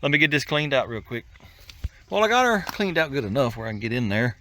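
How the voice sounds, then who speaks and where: Outdoors on a farm, an older man with a drawl hosts a garage channel, working on an old truck and talking casually while out of breath. He chuckles and mocks himself, his medium-pitched voice lively, fast, and sharp, with slight background noise.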